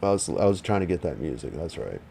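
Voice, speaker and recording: A man's voice: rumbling low, big pitch swings, quick pace, gravelly, dark tone, a little hiss or hum. A man, streaming from home, rambles and swears as he chats casually with viewers. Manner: rambling, profane, talks back to viewers. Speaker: livestreamer. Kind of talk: casual livestream chat.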